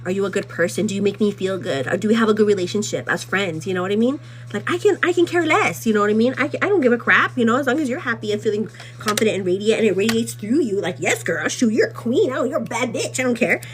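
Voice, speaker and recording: A young woman hosting a live vlog, rambling in a gossipy, casual way, full of "like" and "you know what I mean," animated and quick to laugh. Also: a little hiss or hum. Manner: animated and laughing, pitch jumps up when riled. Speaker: livestream host.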